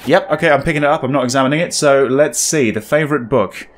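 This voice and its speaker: A man's voice: medium pitch, fast talker. A man giving casual, wry commentary while playing a horror game, thinking aloud. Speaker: gaming video creator.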